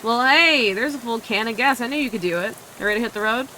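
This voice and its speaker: A woman's voice: fairly high pitch, rapid-fire, fairly bright tone, slight background noise, lightly acted. A woman voicing a cheerful, friendly bus driver with an upbeat, folksy way of talking.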